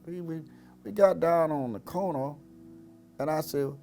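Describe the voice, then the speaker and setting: An older man, a pastor, giving a halting personal testimony that rises and falls sharply, with repeated words. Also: mid-range voice, a little mellow, faint music behind.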